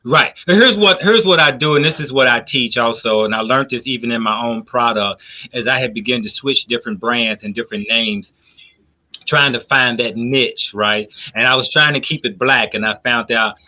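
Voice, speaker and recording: A man who runs a business, talking on a talk show in an animated, profane storytelling way. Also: mid-range voice, normal speed. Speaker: business owner. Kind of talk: casual talk show discussion.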